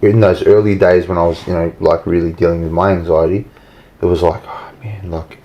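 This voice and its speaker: Low-voiced, reflective man. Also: little pitch movement, fairly quick, dark tone, dull audio. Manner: reflective, thoughtful. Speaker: podcast co-host. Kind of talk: casual chat.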